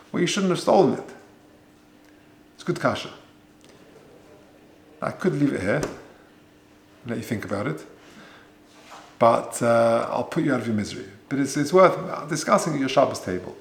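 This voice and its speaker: Gravelly rabbi teaching Torah. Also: male voice, a little high, animated, unhurried, long pauses. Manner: conversational, mixes Hebrew and Yiddish terms, rhetorical questions. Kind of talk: Torah lecture. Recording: echoey room.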